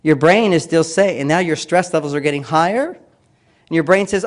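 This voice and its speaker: A man giving a lecture-style talk, speaking emphatically with repeated phrases and acting out quoted voices. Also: normal speed. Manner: acts out quoted voices with raised pitch and emphasis.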